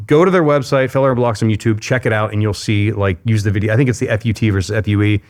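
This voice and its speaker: A man's voice: lowish voice, fast, a little mellow. A man hosting a podcast interview, talking casually and enthusiastically, drifting between topics. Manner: enthusiastic, conversational, tangential. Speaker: podcast host.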